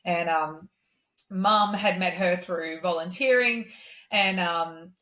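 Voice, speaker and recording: Lower-voiced Australian woman in an echoey room. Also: slow pace. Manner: animated, acts out others' lines in a much higher voice; many "um" and "like" fillers. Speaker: guest singer-songwriter. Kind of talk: casual storytelling in a podcast interview.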